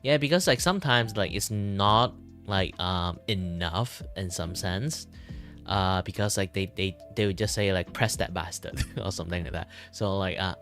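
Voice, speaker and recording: A man's voice: deep voice, fairly even intonation, unhurried, fairly bright tone, soft background music. A man from Malaysia with a Malaysian English accent, chatting casually on a stream, rambling and chuckling often. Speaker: vtuber streamer. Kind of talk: casual chat while drawing on stream. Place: his own room at home.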